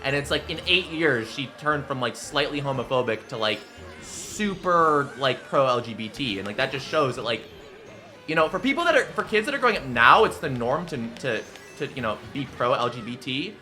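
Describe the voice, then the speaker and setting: Over faint background music, a twenty-something man streams a game and spins loose, animated stories at normal speed. His voice is medium in pitch, and his storytelling rambles with plenty of fillers.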